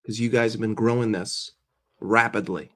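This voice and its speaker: A man's voice: lowish voice, steady tone, normal speed, a bit bright. A man hosting a casual livestream while sick and congested, chatting with viewers, greeting them by name and often repeating himself. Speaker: livestream host.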